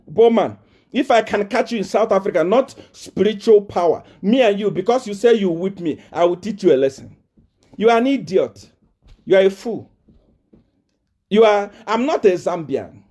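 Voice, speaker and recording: A Nigerian man speaks as a prophet in a live video address, confrontational and taunting. He hammers home repeated rhetorical questions. His voice sits high and swings widely in pitch. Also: animated, normal speed, darkish tone. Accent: Nigerian English.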